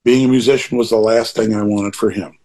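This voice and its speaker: A man's voice: lowish voice, steady tone, a little fast, a little mellow. An older man talking in a casual interview, rambling through asides and restarts while making emphatic, opinionated points. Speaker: interview guest.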